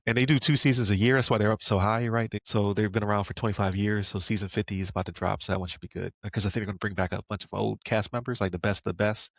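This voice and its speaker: Gravelly low-voiced man, easygoing. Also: steady tone, racing, hardly any pauses, no room sound, highs cut off. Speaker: podcast co-host. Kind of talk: casual podcast chat.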